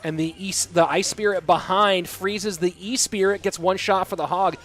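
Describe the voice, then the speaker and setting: A man casting live esports play-by-play, chatty and reading out viewer messages between plays, getting excited at big plays. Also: high voice, normal speed. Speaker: esports caster and stream host. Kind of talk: live play-by-play game commentary.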